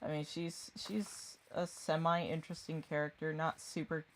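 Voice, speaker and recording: Low-voiced rambling woman gamer. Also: flat delivery, measured pace, heavy background noise. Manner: rambling, distracted, swearing. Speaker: gaming streamer. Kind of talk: casual chat while gaming.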